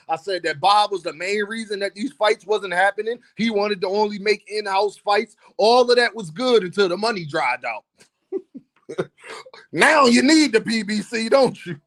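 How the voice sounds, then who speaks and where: Host: Philly man, high voice, playful, teasing, chatty vlog delivery. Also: lively intonation, normal speed, fairly bright tone. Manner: playful, teasing, laughs often, addresses viewers as y'all. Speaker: boxing commentary host. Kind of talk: casual vlog commentary.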